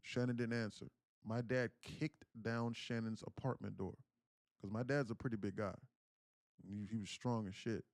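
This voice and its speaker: A man's voice: fairly low pitch, steady tone, moderate pace, no echo, studio quality. A young man, hosting a day trading livestream and telling a personal story in casual, slangy speech with lots of fillers. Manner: emotional storyteller, acts out quoted pleas loudly.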